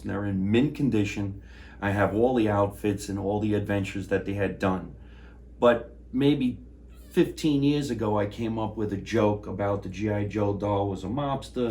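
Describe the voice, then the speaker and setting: Gravelly low-voiced comedian host. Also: male voice, a little mellow, slight background noise. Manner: joking, rambling setups. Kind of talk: casual comedic chat.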